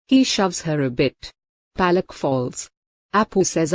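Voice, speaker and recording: A woman narrating a recap of a TV serial episode in a plain, even read-aloud way. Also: lowish voice, normal speed, no room sound.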